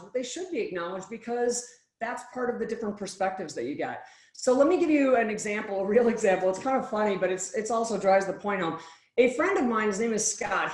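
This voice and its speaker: A woman giving a keynote-style presentation, telling a story lively and acting out the dialogue she quotes. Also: mid-range voice. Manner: animated storyteller who acts out quoted dialogue. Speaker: speaker. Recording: roomy echo.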